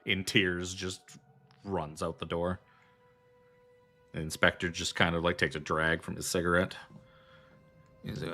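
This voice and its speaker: Bright-voiced man running a tabletop game. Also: sits low, little pitch movement, unhurried, long pauses, faint music behind. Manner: loose and rambling, full of fillers. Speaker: game master.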